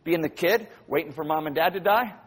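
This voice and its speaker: Animated husky-voiced male preacher. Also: a little high, brisk. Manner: animated, acts out voices of the people and God. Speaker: pastor. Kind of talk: sermon.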